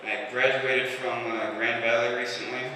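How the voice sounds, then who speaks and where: A young man in his twenties doing a deadpan stand-up set, slipping into voices for the people he quotes. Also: mid-range voice, moderate pace, distant mic. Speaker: stand-up comedian. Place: comedy club stage. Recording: roomy live club recording with room noise. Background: audience laughter.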